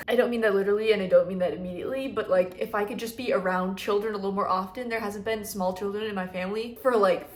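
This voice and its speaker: A young woman in her twenties chatting casually in a vlog, rambling and easily moved, recorded in her apartment. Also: medium pitch. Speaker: vlogger and swim diving coach. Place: apartment, indoors. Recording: roomy audio from a camera off at a distance.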